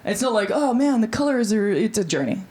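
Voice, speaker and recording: A woman's voice: a little high, very animated, fast, darkish tone, some chatter behind, a little hiss or hum. A woman in her thirties with an Australian accent performing a stand-up comedy set in a chatty, breezy way and acting out the voices she quotes. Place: comedy club stage before a live audience.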